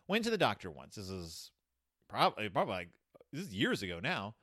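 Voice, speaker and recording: A man hosting his own show, recapping a children's book with playful, animated retellings of its scenes. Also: lowish voice, a little fast, dry recording, clean studio sound. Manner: animated, playful, acts out quotes. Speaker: podcast host.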